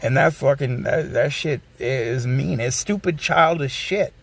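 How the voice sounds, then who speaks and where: A man's voice: mid-range voice, unhurried, gravelly, soft background music. A man in his forties, a streamer, ranting bluntly and casually, swearing and circling back with restarts. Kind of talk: casual rant.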